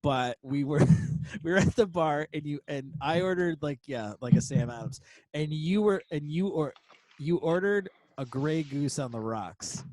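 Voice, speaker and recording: A male podcast host chatting casually with a friend over a remote call. His voice sits a little high and swings widely in pitch. He is animated and laughs often, with plenty of fillers. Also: measured pace, no echo. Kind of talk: casual chat.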